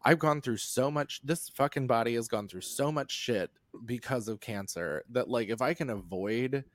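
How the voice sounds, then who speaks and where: A man's voice: mid-range voice, moderate pace, no room sound. A man as a podcast guest in casual chat, rambling, laughing often and swearing freely.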